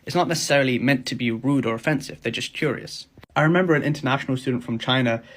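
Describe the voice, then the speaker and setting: A man's voice: mid-range voice, fast talker, a bit bright. Rambling man giving commentary. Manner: chatty, rambling storyteller. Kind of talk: reaction commentary.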